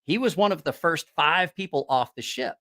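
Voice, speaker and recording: Male channel host, casual rambling storyteller, swears a lot, animated. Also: on the high side, normal speed. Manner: rambling, profane, animated, with frequent restarts. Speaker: host of a knife-sales channel.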